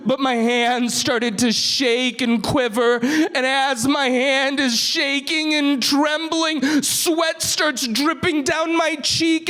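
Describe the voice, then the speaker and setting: A man with a very high voice tells a story to children at an unhurried pace. He plays it for drama, dropping into whispers and rising into loud bursts. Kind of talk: animated storytelling for kids.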